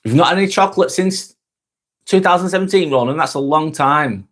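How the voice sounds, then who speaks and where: A man's voice: fairly high pitch, brisk, a bit bright. A man with a Lancashire accent hosting a casual live stream, chatting with viewers, thanking them by name and calling people "mate". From Northwest England. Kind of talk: casual live-stream chat reading comments.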